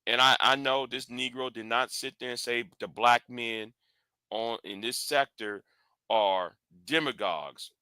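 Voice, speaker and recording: A man's voice: medium pitch, measured pace, bright, forceful tone, smooth, dry recording, studio quality. A man hosting a live stream, speaking bluntly and confrontationally, often restarting and repeating words.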